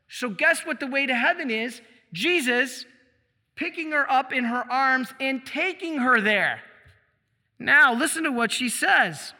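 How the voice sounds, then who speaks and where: A man preaching at a shrine, giving a religious teaching talk with slides. He speaks emphatically, asks questions and answers them himself, and slows down to read quotations. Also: very high-pitched, lively intonation, bright, forceful tone, long reverb tail. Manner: slows down when reading quotations aloud.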